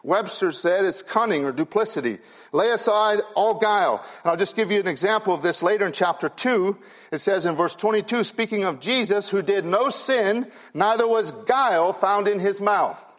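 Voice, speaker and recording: A male pastor with a fairly high voice delivers an earnest sermon to a youth gathering. He hammers key phrases through repetition. At times he sinks quiet and low with sorrow. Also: expressive, moderate pace.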